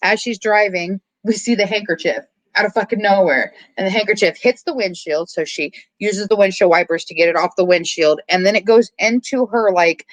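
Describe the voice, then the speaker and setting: A podcast host casually recapping a horror movie's plot, animated and quick to swear. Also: medium pitch, no room sound, poor audio. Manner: animated storytelling, frequent swearing.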